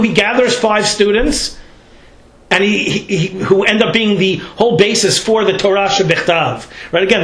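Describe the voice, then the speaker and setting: A man with a high voice teaches a Torah class in an informal, chatty way. He keeps tossing in "right?" and "you know" as he works through his points. The room gives his voice a roomy echo. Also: a bit bright. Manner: conversational, peppers speech with "right?" and "you know". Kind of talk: Torah lecture.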